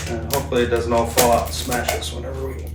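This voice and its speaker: Talking fast in a flat, mid-range voice, a channel host cracks jokes and tosses off casual commentary as he puts something together for a home project video. He's in a garage or home room, picked up by a far-off mic in an echoey, noisy space.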